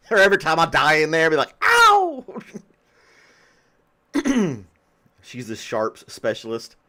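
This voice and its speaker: A man's voice: a little high, lively intonation, fast, hardly any pauses, sharp tone, smooth. A man hosting a podcast in casual chat, often breaking into laughter. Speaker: podcast host.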